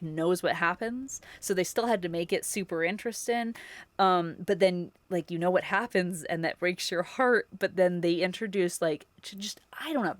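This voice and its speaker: A woman streamer with a slightly low voice talks loosely to her audience, gushing and rambling with plenty of ums and laughs. Her voice sits close and dry on the mic, with no room sound around it. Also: no echo. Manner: chatty and effusive, with filler words and frequent laughs. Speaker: livestreamer. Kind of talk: casual chat with viewers.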